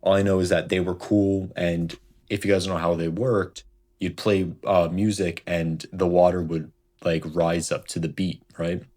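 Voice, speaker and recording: A man's voice: deep voice, flat delivery, unhurried, a little mellow. A young man telling a casual story from his childhood, rambling and padding his talk with "like" and "right?". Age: young adult. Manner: rambling, heavy on fillers like "like" and "right?". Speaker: storytime vlogger.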